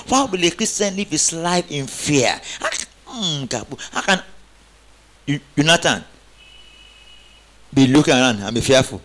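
A man's voice: on the high side, lively intonation, normal speed, a bit bright. A man preaching a sermon, calling on the congregation to answer back and rising into emphatic exclamations. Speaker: pastor.

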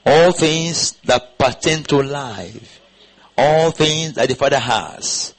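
A man's voice: mid-range voice, takes it slowly, poor audio. A man preaching a sermon to a congregation, firing rhetorical questions and having them repeat his words back. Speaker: pastor. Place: church congregation.

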